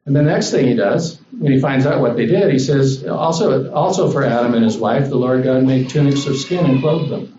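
A man gives a sermon in an easy, conversational style, and his voice lifts when he acts out the lines he quotes. His tone is mellow and warm. The recording is a little dull and roomy, with faint ambience behind him. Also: medium pitch, moderate pace, hardly any pauses, distant mic, a little hiss or hum. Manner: conversational, animated when voicing God. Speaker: guest preacher.

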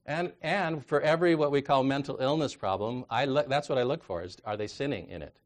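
A man preaching a sermon in a conversational way, reading scripture aloud and moving from quiet asides to loud, emphatic exhortation. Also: medium pitch, brisk. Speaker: counselor.

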